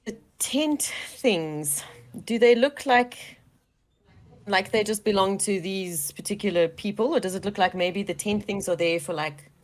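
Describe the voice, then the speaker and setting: A woman playing a tabletop game as a player, asking questions in a playful, animated way. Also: mid-range voice, moderate pace, few pauses.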